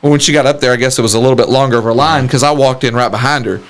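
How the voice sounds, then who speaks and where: A man in his forties telling a story on a casual podcast, animated and laughing, acting out the people he quotes. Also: mid-range voice, racing. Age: 40s. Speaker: podcast co-host.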